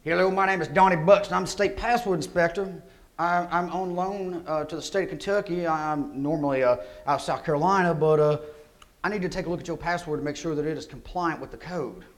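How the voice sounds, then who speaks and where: A man's voice: fairly high pitch, a little fast, close to an everyday voice. A man doing a folksy Southern password inspector.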